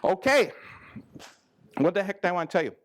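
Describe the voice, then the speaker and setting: A man's voice: big pitch swings, a little fast. A man giving a joking, folksy talk to farmers at a conference, teasing people in the audience and acting out quoted farmers. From American Midwest. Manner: folksy, teasing, acts out quoted farmers with big pitch jumps. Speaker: ag risk management advisor giving a talk. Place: conference learning center room with a live audience.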